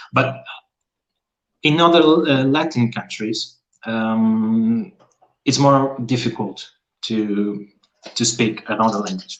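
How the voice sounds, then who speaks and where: Young man, low voice. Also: low-quality recording. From Portugal. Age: young adult. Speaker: conversation partner. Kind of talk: casual chat in English.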